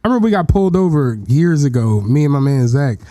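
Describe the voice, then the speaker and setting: A man's voice: a little high, fast, dry recording. A man from Philadelphia co-hosting a podcast, telling profane stories and acting out the voices of the people in them. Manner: animated, profane storytelling, acting out quotes. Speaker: podcast co-host. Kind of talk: casual storytelling chat.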